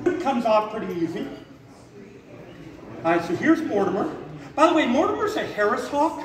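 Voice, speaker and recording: A man giving a live talk as a raptor handler to an audience, an animated storyteller who acts out the voices and shouts in his story. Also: very high voice, normal speed. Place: hotel event room with an audience. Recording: echoey hall, far from the mic, crowd audible.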